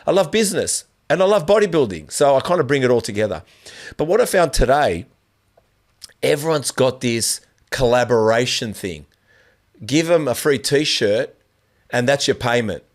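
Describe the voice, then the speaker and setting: A man's voice: mid-range voice, lively intonation, moderate pace. A man hosting an interview podcast, talking in a rambling, opinionated way with many restarts. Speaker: podcast host. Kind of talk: casual conversational interview.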